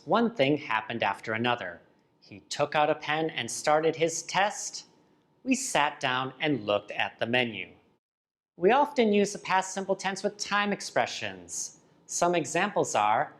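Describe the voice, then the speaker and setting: Slow, lively-voiced English teacher. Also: medium pitch. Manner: slow, careful enunciation of drilled word pairs. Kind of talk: scripted grammar lesson narration.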